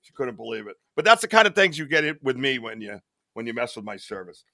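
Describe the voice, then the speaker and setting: A man's voice: medium pitch, very animated, fast, vocal fry, pushed and bright, dry recording, studio quality. A man hosting a live podcast, chatting casually in a rambling way, swearing and laughing at his own stories. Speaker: podcast host. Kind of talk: casual live-stream chat.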